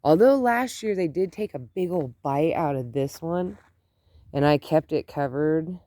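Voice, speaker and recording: A woman's voice: deep voice, expressive, a little slow, mellow, no echo. A middle-aged woman chatting casually in her garden as she films, rambling with lots of "like". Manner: rambling, says "like" often. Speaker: gardening vlogger. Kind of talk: casual vlog chat. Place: outdoor garden.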